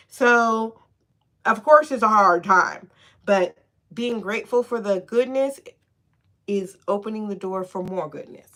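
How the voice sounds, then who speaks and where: A woman with a slightly high voice gives a casual spiritual tarot reading, sassy, slangy and profane, laughing often and checking in with "okay?". She keeps up a steady stream of encouragement and affirmation.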